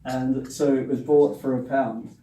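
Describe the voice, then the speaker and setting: Dark-voiced man telling a wry story. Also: medium pitch, level tone, measured pace, a little hiss or hum. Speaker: speaker recounting his newspaper career. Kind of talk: anecdotal storytelling to an audience. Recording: roomy hall, distant mic.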